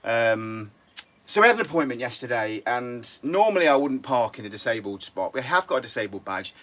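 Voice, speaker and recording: A man's voice: mid-range voice, big pitch swings, brisk, a bit bright. A middle-aged English man with an English accent, rambling and restless as he chats casually to viewers on a woodworking live stream. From England.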